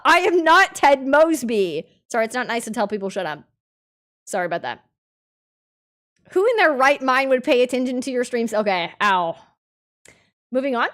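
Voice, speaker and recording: A young woman streamer chatting casually with her audience and reading chat aloud, swinging from mumbled asides to loud indignant outbursts. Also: high-pitched.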